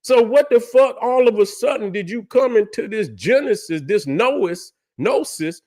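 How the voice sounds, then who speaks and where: High-pitched man ranting heatedly. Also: animated, unhurried, a little mellow. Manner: profane, emphatic, repeats himself, asks rhetorical questions. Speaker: livestream host. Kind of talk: heated casual rant.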